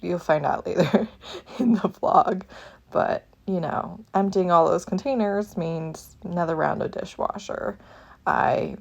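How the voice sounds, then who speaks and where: A woman casually vlogging at home, gushing excitedly and laughing often while unboxing a gift. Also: fairly low pitch, unhurried, creaky. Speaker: book vlogger. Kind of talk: casual day-in-the-life vlog. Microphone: camera at an odd angle without tripod.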